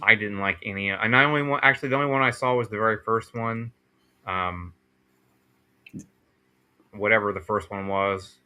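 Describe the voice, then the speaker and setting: A man's voice: lowish voice, steady tone, normal speed, long pauses, bright, forceful tone, clean tone. A man co-hosting a podcast, chatting in an easygoing way and often ending sentences with "man". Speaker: podcast co-host. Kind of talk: casual chat.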